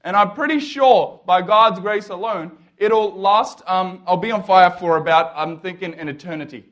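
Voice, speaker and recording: A young man telling his faith story to an audience, animated and jokey, acting out the lines of the people he quotes. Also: sits high, moderate pace. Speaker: speaker. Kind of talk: testimony talk to an audience.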